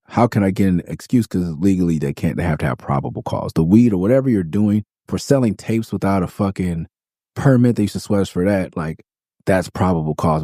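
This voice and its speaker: A man's voice: low voice, gravelly, mellow, no echo, studio quality. A middle-aged man hosting a podcast, telling stories in a loose, profane, casual way and acting out quotes. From Los Angeles. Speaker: podcast host. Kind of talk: casual storytelling monologue.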